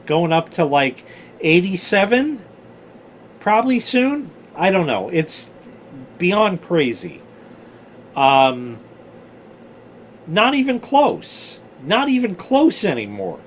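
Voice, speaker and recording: With a voice that sits high, a man in his forties plays storyteller host, casually rambling through old stories, cursing freely, and going off on tangents. Slight background noise can be heard.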